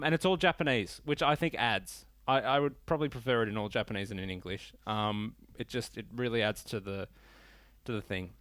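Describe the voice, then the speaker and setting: A man's voice: on the high side, a bit bright, no echo. Male podcast host, casual and profane, rambling rants, dry and close. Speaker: podcast host reviewing games. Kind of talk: casual solo podcast talk.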